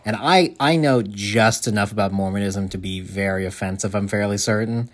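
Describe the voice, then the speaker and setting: A man's voice: lowish voice, normal speed. A man co-hosting a casual podcast, telling a rambling anecdote full of fillers. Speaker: podcast co-host. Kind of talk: casual chat.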